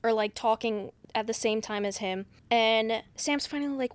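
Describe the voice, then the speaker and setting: A woman with a fairly high voice runs through a movie plot in loose, casual podcast chatter, swearing freely and slipping into the characters' lines as she goes. Her voice is recorded close and dry. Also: moderate pace, clean tone, no echo. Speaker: podcast co-host.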